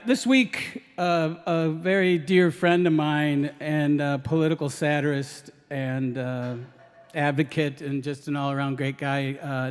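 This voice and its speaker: A man's voice: a little high, fairly bright tone, big-room sound, a little hiss or hum. A man doing live stand-up storytelling, hesitant and full of ums, laughing through his lines. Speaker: stand-up comedian. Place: live radio stage before an audience.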